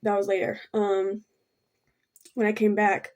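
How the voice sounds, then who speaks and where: A young woman chats through a personal story as she does her makeup, halting and rambling with constant fillers. Her voice stays mellow and low in tone, with little rise and fall. She sounds soft and keeps apologizing. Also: monotone. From Thailand. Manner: halting and rambling, full of ums and likes. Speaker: vlogger. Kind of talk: casual storytime while doing makeup.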